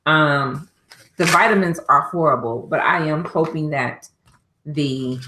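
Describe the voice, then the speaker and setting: A woman's voice: sits low, a little slow, echoey room, noisy background. A woman co-hosting a podcast, chatting casually and scolding her co-host in exasperation, with bursts of laughter. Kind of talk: casual chat.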